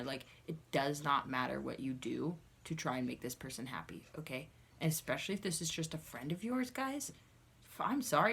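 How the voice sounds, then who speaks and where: A woman's voice: sits low, expressive, normal speed, gravelly, husky. A woman giving a casual tarot reading to camera, blunt and chatty, swearing freely with lots of asides to her viewers. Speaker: tarot reader.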